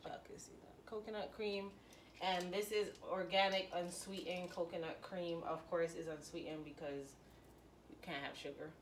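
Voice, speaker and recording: A woman's voice: lowish voice, steady tone, moderate pace, roomy sound, recorded from a distance, slight background noise. A young woman vlogging in a casual, chatty and dramatic way, talking straight to her viewers. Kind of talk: casual vlog chat.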